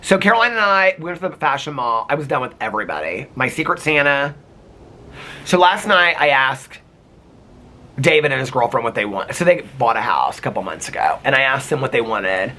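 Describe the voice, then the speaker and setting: A man's voice: mid-range voice, very animated, brisk, sharp tone, a little hiss or hum. A man vlogging casually to camera, telling a chatty, gossipy story full of "like" and quoted dialogue.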